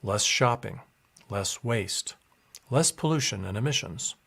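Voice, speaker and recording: A man delivering a prepared campaign speech as a presidential candidate, in a measured, deliberate way. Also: fairly low pitch, animated, gravelly, a bit bright, breathy edge.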